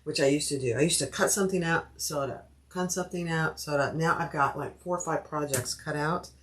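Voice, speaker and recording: Cutting fabric during her sewing livestream, this woman chats casually, thinks out loud, and says hello to viewers by name. Her voice sits low and moves a little fast.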